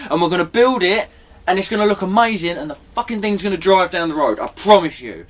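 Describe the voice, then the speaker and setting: A man's voice: high voice, lively intonation, quick pace. A man giving a rambling, apologetic vlog update, chatty and swearing now and then. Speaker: vlogger.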